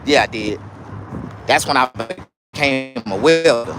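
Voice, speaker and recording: A man telling a comedic story in a profane, animated, emphatic way. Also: mid-range voice, unhurried, noisy background.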